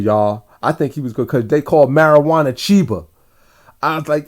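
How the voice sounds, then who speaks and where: A man's voice: on the high side, brisk. Rambling man telling a dream story. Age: adult father. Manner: rambling, talks to viewers directly, slangy. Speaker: vlogger recounting dreams. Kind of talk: casual storytelling.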